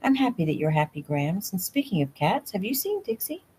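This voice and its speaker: A woman's voice: medium pitch, very animated, fairly quick, dark tone, breathy edge. A woman reading the lines of a confident, slightly haughty young businesswoman, in a casual audiobook reading at home. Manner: plain read dialogue. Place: home room.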